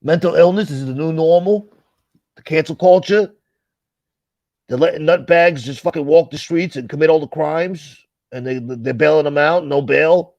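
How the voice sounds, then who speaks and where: Casting: blunt, cursing male streamer chatting with his viewers, fairly high mellow voice, dry close sound. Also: normal speed, gravelly, no room sound, lo-fi sound. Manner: blunt, profane, rambling. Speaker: livestream host. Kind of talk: casual livestream chat, reading comments.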